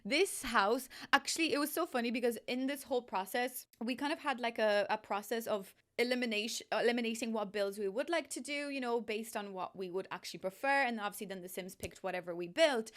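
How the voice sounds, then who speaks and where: Young woman, bubbly gushing chat, emotional, a little high-pitched. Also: a little fast, hardly any pauses, a bit bright. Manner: bubbly, gushing, laughing, rambling. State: emotional, close to tears. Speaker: YouTuber, game builder. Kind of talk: excited casual vlog chat.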